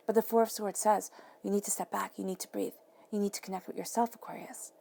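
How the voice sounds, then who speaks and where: A woman giving an earnest, encouraging tarot reading straight to the viewer, sometimes dropping to a soft whisper. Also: medium pitch, little pitch movement, fast talker, vocal fry. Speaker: tarot reader.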